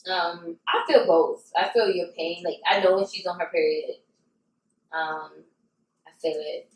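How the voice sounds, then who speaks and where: A woman co-hosting a podcast in casual chat, talking candidly and reflectively at an unhurried pace. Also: lowish voice, lively intonation, vocal fry. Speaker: podcast co-host. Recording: roomy sound, mic at a distance.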